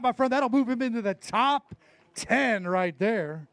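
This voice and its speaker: A man emceeing a live fishing tournament weigh-in on an outdoor stage, hyped and joking, shouting out the weights. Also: extremely high pitch, lively intonation, measured pace, no room sound. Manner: hyped, jokey, loud call-outs.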